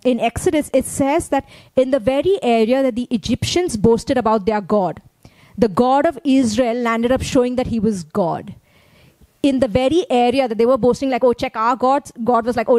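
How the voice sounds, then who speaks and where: A woman's voice: high voice, a little mellow, no room sound, low-quality recording. A woman pastor from India, preaching a sermon in a conversational way and often checking in with her listeners.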